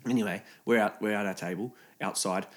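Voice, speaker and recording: A man's voice: lowish voice, steady tone, fairly quick. A man telling a story in casual chat, swearing freely and acting out what other people said.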